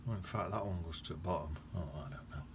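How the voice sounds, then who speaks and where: Deep guy talking thru a watercolour demo, muttering and fixing his words as he goes, bit of noise behind. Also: fast. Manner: chatty, thinking aloud while painting, self-correcting. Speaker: watercolour painting teacher. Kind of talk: casual painting demonstration. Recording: noticeable background noise.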